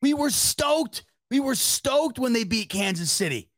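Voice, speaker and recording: A man's voice: very high-pitched, lively intonation, a little slow, fairly bright tone, no echo, clean studio sound. A young man from the Rochester, New York area, hosting a casual sports talk show, rambling, correcting himself and swearing freely. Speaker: sports podcast host. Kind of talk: casual chat with live chat readers.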